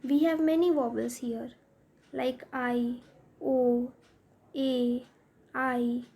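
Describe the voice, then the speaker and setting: A woman's voice: sits high, steady tone, extremely slow, warm tone, husky. A woman teacher explaining a grammar lesson step by step, spelling out letters as she goes.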